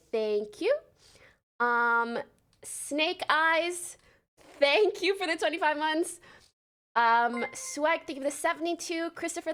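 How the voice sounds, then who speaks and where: A bubbly twenty-something woman chats away casually on a livestream and rapidly thanks viewers by name. Her voice sits high with a fairly bright tone.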